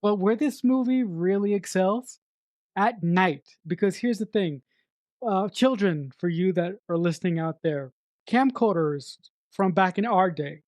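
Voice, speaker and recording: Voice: mid-range voice, a little slow, darkish tone, no room sound. Middle-aged co-host, casual film review, emphatic and repetitive, swears, dry close sound. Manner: emphatic, repeats words for effect, swears freely. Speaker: podcast co-host.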